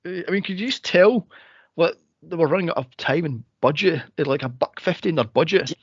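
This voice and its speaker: A man co-hosting a podcast, recapping a movie in casual chat with an exasperated, animated manner. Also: a little high, a little fast, husky, dry recording. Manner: exasperated, animated retelling with frequent exclamations. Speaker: podcast co-host. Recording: dull, lo-fi dry recording.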